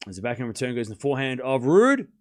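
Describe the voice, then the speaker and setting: This man's mid-range voice swings widely in pitch and comes out rapid-fire as he runs a live tennis watchalong stream. Shots get called in short bursts, and between points he chats casually with viewers, cursing offhand along the way.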